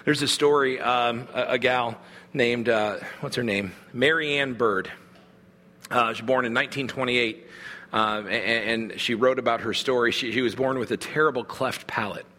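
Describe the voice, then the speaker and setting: A pastor delivers a sermon in a conversational, earnest manner, often circling back with small restarts. His voice is bright and forceful, at a middle pitch for a man. A long hall reverb trails behind his words. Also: moderate pace.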